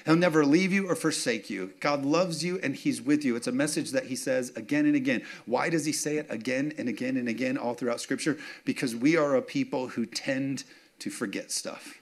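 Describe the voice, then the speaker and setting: A man's voice: medium pitch, fairly quick. A man preaching a sermon in a casual, story-driven way, repeating key phrases and asking the congregation for amens. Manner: conversational, repeats phrases for emphasis, asks for amens. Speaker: pastor. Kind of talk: sermon with personal stories.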